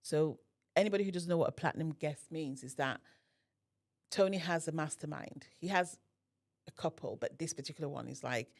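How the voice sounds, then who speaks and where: A woman's low voice comes at a brisk pace as she guests on a podcast, relating a personal story. She's animated and plays out the dialogue.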